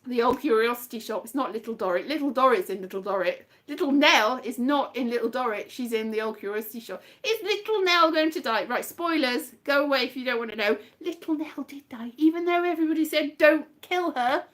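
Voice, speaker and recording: A woman from Southeast Wales with a slightly flattened Welsh accent, chatting casually and rambling on a livestream. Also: a little high, quick pace, few pauses. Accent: Welsh with flattened vowels, a bit West Country. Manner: chatty and rambling, playful asides. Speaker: livestream host. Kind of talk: casual live chat.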